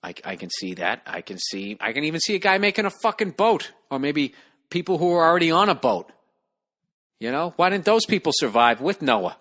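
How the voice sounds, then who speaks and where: A man's voice: a little high, sing-song, brisk, fairly bright tone. A man hosting a comedy podcast, ranting in a profane, exasperated way while answering a listener's email. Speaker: podcast host.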